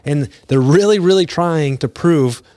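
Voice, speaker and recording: A man in his forties hosting a podcast, talking casually and retelling scenes in bursts of higher pitch. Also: warm tone, no room sound. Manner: conversational, retells scenes with quick pitch jumps. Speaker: podcast host. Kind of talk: casual solo talk.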